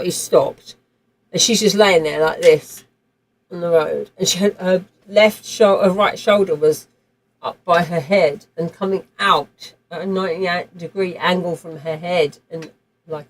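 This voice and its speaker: A livestream gamer with a fairly low-pitched voice rambles through a vivid personal story as she plays, swearing and frequently starting over. The audio quality is poor.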